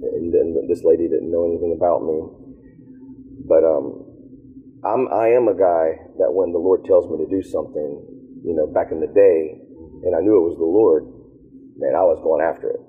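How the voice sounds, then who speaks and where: A man telling stories of his ministry in a casual interview, animated and quick to laugh. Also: low-pitched, husky, soft background music. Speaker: worship leader guest. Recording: tinny phone-like line.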